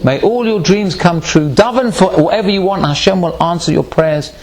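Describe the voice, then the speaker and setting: A man, a rabbi, giving a Torah class and telling a joke as an animated storyteller. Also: moderate pace. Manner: animated storyteller, swooping between high and low.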